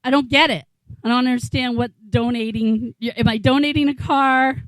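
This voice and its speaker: This is a low-quality, echo-free recording of a New England woman in her forties doing stand-up in a small bar. Her voice is on the high side with a steady tone at normal speed, and she rambles in disbelief, cursing freely.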